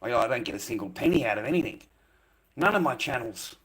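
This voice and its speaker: A man's voice: medium pitch, expressive, quick pace, fairly bright tone, slightly rough, low-quality recording. An Australian man livestreaming from home, ranting bluntly and profanely at his chat. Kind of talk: casual livestream rant.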